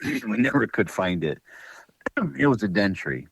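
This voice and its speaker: A man's voice: on the low side, sing-song, a little slow, creaky, breathy edge, no echo, poor audio. A man guest on a podcast, telling hunting-dog stories in a rambling, folksy way with lots of fillers. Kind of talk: casual storytelling.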